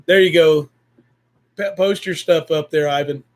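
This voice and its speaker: A man hosts a casual homestead livestream in a folksy, effusive manner, thanking guests and heaping praise on them. His speaking voice sits a little high for a man. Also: a little slow, a little mellow. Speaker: livestream host.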